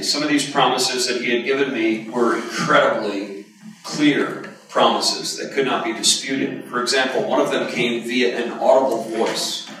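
A man's voice: medium pitch, fairly bright tone. A man preaching a sermon, telling a personal story in a candid, conversational way with emphatic bursts. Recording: echoey hall, voice from a distance.

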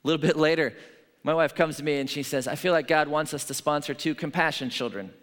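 A man's voice: a little high, fast talker, fairly bright tone. Conversational man preaching in a reverberant hall. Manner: conversational, storytelling, frequent "right?" asides. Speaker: pastor. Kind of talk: sermon.

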